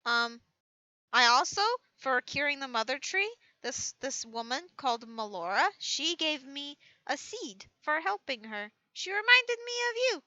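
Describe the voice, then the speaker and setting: A woman's voice: sits high, sing-song, measured pace, pushed and bright, dry recording, dull audio, exaggerated voice. A woman voicing a cheerful young girl talking to her mother, giggly and eager.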